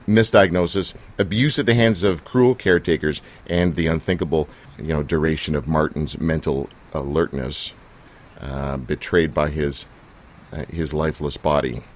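A man's voice: very deep voice, moderate pace. A man hosting a casual interview, teasing his guest in a jokey, rambling way with plenty of fillers. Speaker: interviewer and show host.

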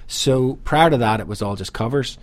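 A man's voice: medium pitch, normal speed, no room sound. Man telling wry stories. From Ireland. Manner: wry anecdotal storyteller, dry humor. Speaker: singer-songwriter guest. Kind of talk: casual storytelling chat.

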